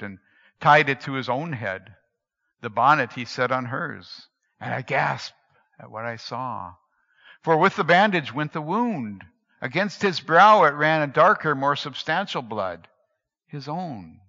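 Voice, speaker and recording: A man reading a story aloud dramatically, moving between hushed and emphatic delivery. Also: medium pitch, animated, measured pace. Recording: dull lo-fi recording in a reverberant hall.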